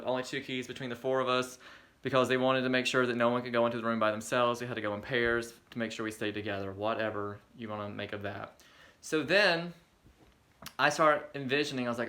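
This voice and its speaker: A man's voice: medium pitch, pushed and bright. A young man vlogging a rambling, self-deprecating storytime with crude humor. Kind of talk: casual storytime monologue.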